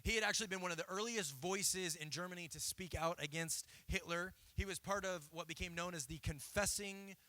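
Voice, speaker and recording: A man's voice: high-pitched, brisk, hardly any pauses, sharp tone, dry recording. A man in his thirties preaching a sermon in a church, telling stories in a conversational way and often checking in with "right?". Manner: conversational storytelling with frequent "right?" asides. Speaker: pastor.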